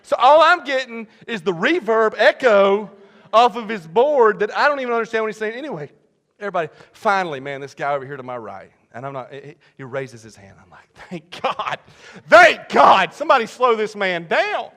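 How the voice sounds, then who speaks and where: A male pastor tells a story in a lively, animated way, dropping to near murmurs and then bursting into shouts. His voice is fairly high and very bright. A long reverb trails behind him in a large hall. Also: a little fast. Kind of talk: sermon.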